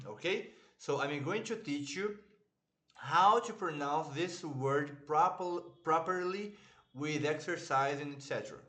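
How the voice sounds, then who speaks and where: Slow, patient male Hebrew teacher. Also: on the high side, fairly bright tone. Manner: slow, patient, repeats words for students, clears throat often. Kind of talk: online language lesson.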